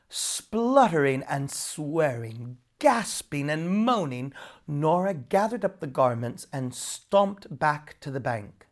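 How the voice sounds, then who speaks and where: A narrator reading a folk tale aloud in a storybook reading style. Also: medium pitch. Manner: expressive, slow storytelling.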